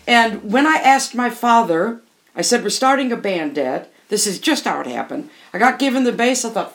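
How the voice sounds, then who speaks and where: This older woman's voice is a little high and expressive, moving at a moderate pace. A musician being interviewed, she tells frank stories emphatically, repeating phrases again and again to stress them.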